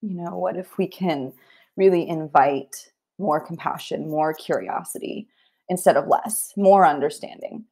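A woman therapist with a slightly low voice talks earnestly in an interview. She sounds heartfelt and reflective, and she speaks from personal experience. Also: a little slow, dark tone. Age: young adult. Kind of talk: interview conversation.

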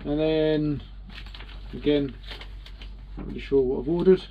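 A man's voice: on the high side, a little slow, creaky, dull audio, a little hiss or hum. Chatty British man vlogging from his boat. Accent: British English. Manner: rambling, chatty, self-mocking. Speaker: sailing vlogger. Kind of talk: casual vlog to camera.

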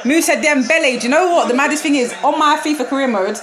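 A young woman reacting live to a football match, excitable and quick to shriek and laugh. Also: high voice. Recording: loud crowd noise behind. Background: crowd noise from the match broadcast.

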